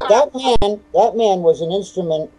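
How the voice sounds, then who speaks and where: A male co-host in casual chat, warmly affirming the guest's story in religious terms. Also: high-pitched, lively intonation, normal speed. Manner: affirming, speaks of God. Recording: dull lo-fi sound.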